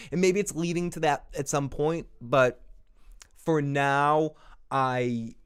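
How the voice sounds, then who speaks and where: A man hosting a casual live review show, rambling and swearing, laughing between points. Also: mid-range voice. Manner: rambling, profane, laughs often. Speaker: show host. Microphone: small recorder on the desk.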